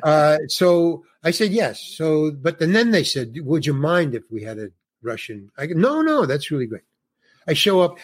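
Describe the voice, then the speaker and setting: This man in his eighties, a New Yorker guesting on a podcast, rambles through a story and voices the dialogue himself. He's a little high-pitched with lively intonation, moving at normal speed with few pauses.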